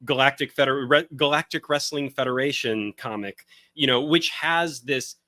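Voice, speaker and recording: Man, podcast host, bright tone, dry close sound, casual eager chat. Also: mid-range voice, normal speed, no room sound. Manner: eager, piles up tasting notes. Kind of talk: casual wine tasting chat.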